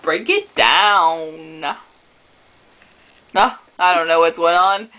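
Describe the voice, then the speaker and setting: A woman improvising comic dubbing, making absurd, deadpan asides. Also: fairly low pitch, takes it slowly, poor audio. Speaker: comic dubber.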